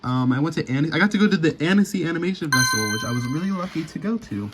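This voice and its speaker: A man's voice: a little high, lively intonation, rapid-fire, over loud music. A young man rambling casually through a sketchbook tour voice-over, full of fillers and restarts. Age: young adult. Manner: rambling, filler-heavy, chatty. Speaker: vlogger.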